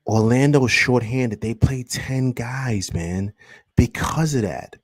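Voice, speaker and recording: A man's voice: mid-range voice, slow pace, long pauses, no echo. A man hosting a sports reaction show, talking heatedly and firing off rhetorical questions. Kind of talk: fan reaction commentary.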